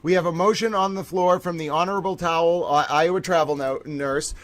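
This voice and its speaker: Male streamer host, higher-pitched voice, dry close sound, excitable and theatrical, trial-recap commentary. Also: a little fast, no echo. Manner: animated, theatrical, keeps saying "ladies and gentlemen".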